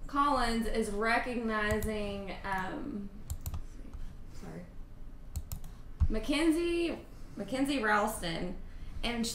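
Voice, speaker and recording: A woman's voice: medium pitch, fairly bright tone, echoey room, slight background noise. A woman co-hosting a morning talk show, giving dry, terse replies and reading out news items. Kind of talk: casual talk show chat.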